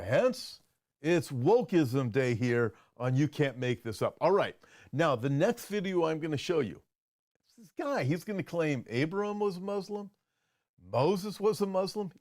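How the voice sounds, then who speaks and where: A man, a pastor hosting a show, giving animated, incredulous commentary on video clips. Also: a little high.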